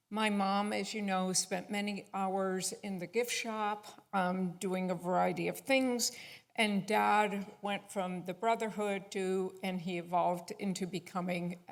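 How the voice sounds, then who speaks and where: A middle-aged woman with a Buffalo accent addresses a synagogue congregation as a guest speaker. Her voice sits at an ordinary pitch, and she speaks in a chatty, informal way, filling her pauses with ums. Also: long reverb tail. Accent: Buffalo, New York. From Buffalo, New York. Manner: chatty, with frequent fillers. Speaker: guest speaker, honoree's daughter. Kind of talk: personal remarks at a service.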